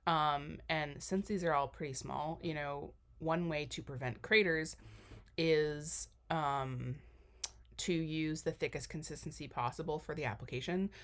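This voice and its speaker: Woman, low voice, young adult, casual voiceover tutorial, chatty, lots of fillers. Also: a little slow, a bit bright. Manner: chatty, rambling, self-deprecating, many fillers. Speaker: cookie decorating instructor. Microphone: voiceover mic.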